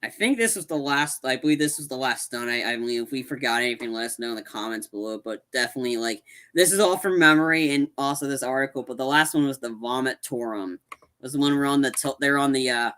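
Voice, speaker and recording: Brief: co-host, bright, forward tone, loose rambling retelling. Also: medium pitch, quick pace, clean tone. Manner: rambling plot recap full of "like". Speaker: movie review podcast co-host. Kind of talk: casual chat.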